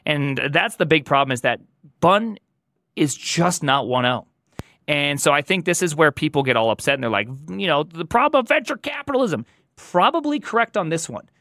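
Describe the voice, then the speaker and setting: A man as a podcast guest, a software engineer talking through opinions in animated, emphatic, rambling chat. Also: on the high side, no room sound, studio quality. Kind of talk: casual opinionated tech chat.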